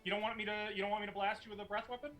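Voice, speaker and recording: A man's voice: high voice, flat delivery, racing, pushed and bright, faint music behind. A man running a tabletop game as game master, narrating with playful teasing.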